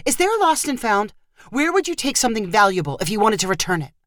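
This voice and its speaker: A woman voicing a young female skier who snaps, yells and demands. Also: medium pitch, very animated, fast talker, no echo, studio quality. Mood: puzzled. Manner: snappy, yelling, demanding.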